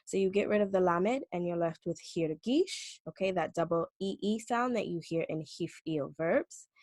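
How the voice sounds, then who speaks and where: Lowish-voiced woman teaching a language lesson. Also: expressive, a little mellow, no echo. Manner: clear, patient explaining with slow drawn-out example words. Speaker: Hebrew teacher.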